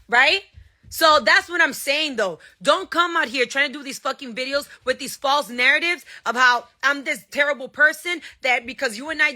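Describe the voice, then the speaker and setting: A woman's voice: high voice, normal speed, bright, forceful tone. A woman giving a heated personal statement, blunt and profane, hammering her points home and slipping a few Spanish words into her English. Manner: angry, blunt, profane, emphatic. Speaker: singer and TV personality.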